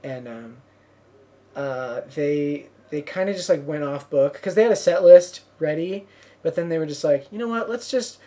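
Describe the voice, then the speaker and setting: A woman's voice: deep voice, moderate pace, warm tone. A young woman hosting a podcast, chatting casually and telling rambling stories full of fillers and "like". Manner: rambling storyteller, lots of "like" and fillers. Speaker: podcast host. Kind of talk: casual chat.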